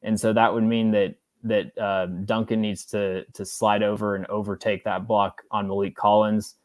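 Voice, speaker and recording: A man on a podcast as a guest analyst, breaking down football plays in a casual, halting way full of fillers and restarts. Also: on the low side, little pitch movement, a little mellow, dry recording.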